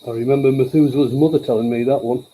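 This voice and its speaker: Mellow-voiced joking workshop host. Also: male voice, medium pitch, steady tone, fast talker, poor audio. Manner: joking, wry, dry humour. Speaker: woodturner hosting a live stream. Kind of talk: casual chat while working. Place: home workshop.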